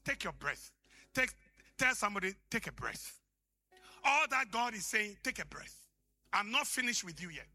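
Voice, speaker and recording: A man preaching a sermon, swinging from shouted peaks to hushed, whispered lines. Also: high-pitched.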